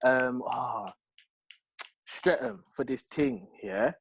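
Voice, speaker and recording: A young man with a London accent, telling a story in an animated, slang-heavy way as a podcast co-host. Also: mid-range voice, extremely slow, a little hiss or hum. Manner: slangy, lively, full of street slang tags. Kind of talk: animated storytelling in casual chat.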